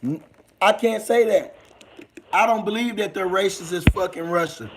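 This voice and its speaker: A young Southern American man chatting on a casual livestream, his voice sitting high with a gravelly fry running through it. He rambles in loose street talk, calling out to his chat as he goes. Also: normal speed. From United States. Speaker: livestream host.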